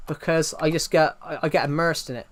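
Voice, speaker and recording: Young guy from the southwest rambling on a stream, lots of ums, slightly high voice. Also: little pitch movement, fairly quick. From Southwest England. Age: 20s. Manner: rambling, many ums and restarts. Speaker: livestreamer. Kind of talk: livestream chat, answering viewer comments.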